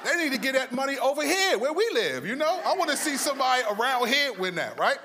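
A man preaching a sermon, moving between lively storytelling and hushed, slow emphasis. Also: extremely high pitch, slight background noise. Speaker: pastor.

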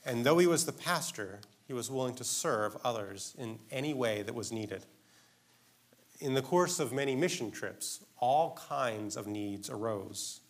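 A man's voice: medium pitch, lively intonation, measured pace. A man preaching a sermon in an earnest, emphatic way, asking his listeners direct questions.

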